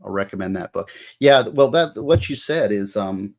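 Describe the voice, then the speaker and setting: A man's voice: on the low side, lively intonation, normal speed. A middle-aged man, a former prosecutor, giving earnest advice in casual talk, lecturing with many restarts. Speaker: former juvenile prosecutor, guest.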